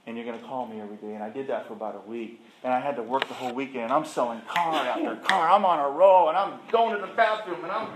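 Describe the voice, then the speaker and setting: A middle-aged man with a medium-pitched voice talks fast with few pauses, a crowd audible behind him. In an echoey room, he tells his personal recovery testimony emphatically, storytelling style, and throws rhetorical questions at the audience.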